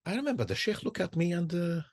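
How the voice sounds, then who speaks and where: Pitched high and very animated, with a darkish tone, the husky voice belongs to an older Israeli Sufi sheikh and peacemaker who grew up speaking Arabic. His storytelling talk stumbles with restarts and repeated words, and the audio has no echo.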